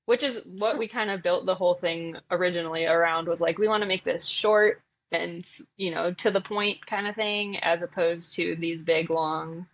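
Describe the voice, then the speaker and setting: A woman's voice: fairly low pitch, steady tone, normal speed, hardly any pauses. A woman co-hosting a podcast, chatting casually, giggly and enthusiastic. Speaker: podcast co-host. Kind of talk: casual chat. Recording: dull lo-fi sound.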